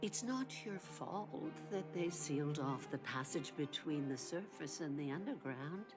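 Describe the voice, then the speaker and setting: A woman voicing a gentle, loving older mother in a video game, speaking in a slow and soothing way. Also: low voice, lively intonation, music in the background. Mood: tender.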